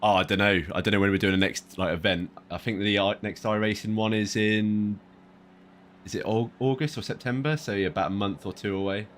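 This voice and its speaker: Easygoing low-voiced streamer man. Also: fairly even intonation, brisk, fairly bright tone, slight background noise. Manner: easygoing, matter-of-fact race recap. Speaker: sim racing streamer. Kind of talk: casual chat.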